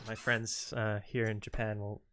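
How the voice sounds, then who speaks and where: A man's voice: on the low side, little pitch movement, moderate pace, fairly bright tone, slight background noise. A man chatting casually on a game live stream, rambling and self-deprecating with many restarts. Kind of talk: casual live-stream chat while reading game dialogue. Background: game music.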